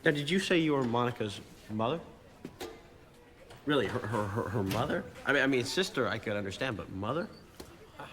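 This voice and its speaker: An actor playing a playful, flattering teenage boy charming an adult. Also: medium pitch, fairly quick, pauses often, in a large hall, noisy background, close to an everyday voice.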